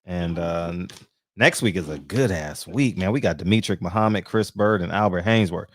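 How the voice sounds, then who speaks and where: Low-voiced laid-back man. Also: normal speed, no room sound, studio quality. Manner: laid-back, laughs often, says "you know what I mean". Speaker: podcast co-host. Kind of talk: casual chat.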